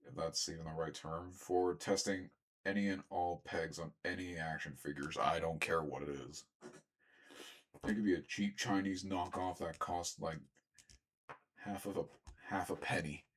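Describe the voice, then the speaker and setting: A young man chatting casually as he unboxes and reviews action figures, rambling and often clearing his throat. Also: deep voice, fairly even intonation, unhurried. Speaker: toy reviewer.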